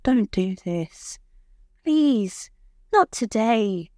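A woman narrator voicing an anxious, devoted young woman who pleads softly to please her partner. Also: mid-range voice, animated, moderate pace, no room sound, clean studio sound, voice pushed up, lightly acted. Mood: pleading.

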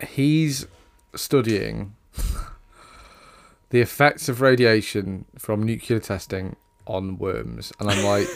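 A man's voice: fairly low pitch, expressive, slow, gravelly, no echo. A man co-hosting a casual film review chat, sarcastic and swearing casually. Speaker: podcast co-host.

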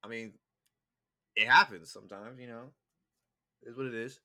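A man's voice: medium pitch, steady tone, normal speed, bright, forceful tone. A young man from California in casual chat, telling laid-back, profane stories full of fillers.

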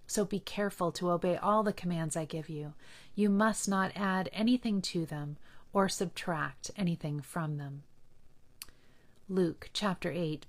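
A woman reading Bible passages aloud in a measured, earnest manner. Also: lowish voice. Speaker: scripture reader.

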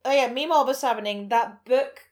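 A woman's voice: a little high, fast talker, darkish tone. A woman retelling a film plot in casual chat, laughing and incredulous.

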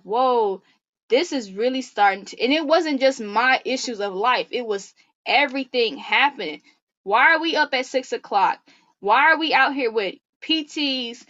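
A woman guest on a faith-based podcast, talking earnestly in an animated, preacherly way. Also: a little high, highs cut off.

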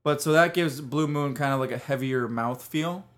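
A man in his twenties co-hosting a casual podcast, talking in a relaxed, hesitant way full of restarts. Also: fairly high pitch, moderate pace. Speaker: podcast co-host. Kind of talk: casual chat.

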